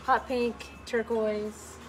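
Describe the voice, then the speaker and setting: A middle-aged woman with a fairly high voice, leading a live painting lesson. She talks gently and chattily through each brushstroke and greets viewers by name. A faint hum of room noise sits behind her. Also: little pitch movement, very slow, rough recording. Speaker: painting instructor. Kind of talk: live online painting class.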